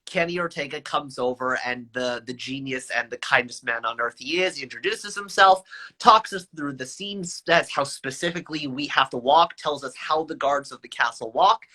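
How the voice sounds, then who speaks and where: A man in his twenties, a guest telling stories in a live video chat with high energy and a playful, self-mocking manner. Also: moderate pace, pushed and bright.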